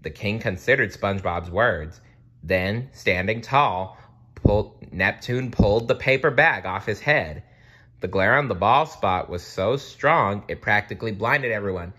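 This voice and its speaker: A man reading a children's storybook aloud, expressive, with playful asides. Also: lowish voice, measured pace. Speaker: narrator.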